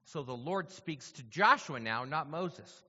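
A male preacher with a bright, forceful voice delivers a sermon, moving from scripture reading to chatty explanation. His words ring out with a long reverberant tail, and the sound is dull and lo-fi. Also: fairly high pitch, lively intonation, measured pace, breathy edge. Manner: conversational teaching, checks in with listeners.

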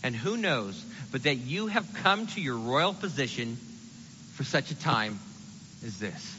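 A man preaching a sermon in an animated, conversational way, acting out the quotes he reads. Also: medium pitch, a little slow, long reverb tail, highs cut off, slight background noise.

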